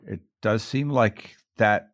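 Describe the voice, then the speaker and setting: A man hosting a podcast interview, speaking in a measured, hesitant way. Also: fairly low pitch, no echo, clean studio sound. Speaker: podcast host.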